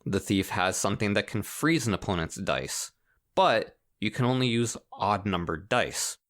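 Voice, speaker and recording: A man co-hosting a casual podcast, explaining a game in an animated way and laughing often. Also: lowish voice, normal speed. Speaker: podcast co-host. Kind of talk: casual chat about video games.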